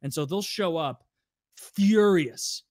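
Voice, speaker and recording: A man's voice: high voice, slow pace, no room sound, clean studio sound. A man in his twenties telling profane work stories in casual chat, acting out angry customers. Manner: animated, profane, acts out customers in raised voices. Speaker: podcast co-host telling stories. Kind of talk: casual storytelling.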